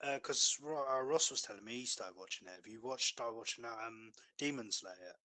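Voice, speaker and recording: A man co-hosting a casual podcast, talking hesitantly with frequent ums and trailing off quietly. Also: mid-range voice, a little fast. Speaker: podcast co-host. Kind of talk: casual chat.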